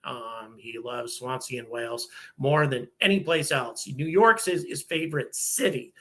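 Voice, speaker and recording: A man's voice: mid-range voice, measured pace, pushed and bright. An American man hosting a casual live stream, reading out viewers' locations and thanking them one by one, with frequent ums and restarts.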